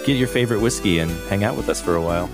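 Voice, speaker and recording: A man's voice: on the low side, rapid-fire, music in the background. A man co-hosting a podcast, chatting casually and joking while he tastes and rates whiskey. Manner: relaxed, joking, rating whiskey aloud. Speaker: podcast co-host. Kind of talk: casual chat.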